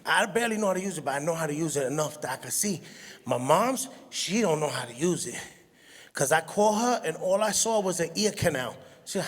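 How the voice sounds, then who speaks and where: In a big hall with long reverb, a middle-aged male comic of Puerto Rican heritage performs a stand-up routine. His voice is high and his pace a little fast, and he's a lively storyteller who imitates his mother with high shrieks.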